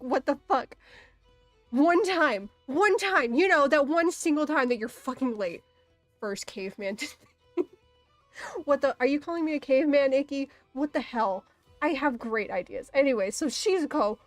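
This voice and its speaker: A young artist streamer chats casually while drawing, telling a story packed with swearing and frequent laughter. Her voice is high, and there's no echo.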